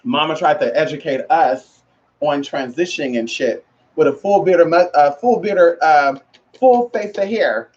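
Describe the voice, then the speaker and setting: With a deep, slightly slow and somewhat mellow voice, a woman vlogger chats to camera in a sassy, slangy way. She calls listeners girl and honey and repeats phrases for emphasis, and the recording is muffled and lo-fi.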